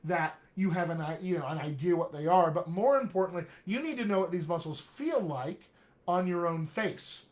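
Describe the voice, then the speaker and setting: A middle-aged man, a dialect coach, giving an energetic, jokey live-streamed lesson, often checking in with "all right?". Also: sits high, moderate pace. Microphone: webcam or computer mic on a live video stream.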